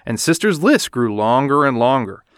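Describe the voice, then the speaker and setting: Male storybook narrator: animated, expressive, lively pitch, dry sound. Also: moderate pace, no echo. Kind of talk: children's storybook read-aloud.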